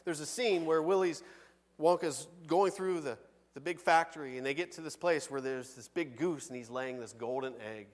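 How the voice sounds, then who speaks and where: A man preaching a sermon from the pulpit, conversational and animated, with big swings between loud and soft. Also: on the high side, big-room sound. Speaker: pastor. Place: church sanctuary.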